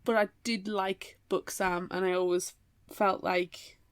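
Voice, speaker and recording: A woman co-hosting a podcast, chatting casually about books and giving measured, thoughtful opinions. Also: on the low side, little pitch movement, clear, resonant tone, dry recording. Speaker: podcast co-host. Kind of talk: casual book-club chat.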